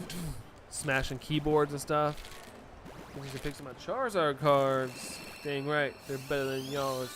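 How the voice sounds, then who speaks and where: A young man live-streaming, chatting casually and laughing often as he reacts to viewer messages. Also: fairly high pitch.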